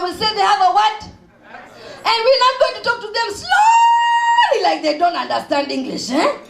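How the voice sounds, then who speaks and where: A woman telling comic stories on stage, acting out the people in them and laughing and shouting as she goes. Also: extremely high pitch, creaky. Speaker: stand-up comedian and spoken-word poet. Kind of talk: stand-up storytelling with poetry. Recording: echoey room.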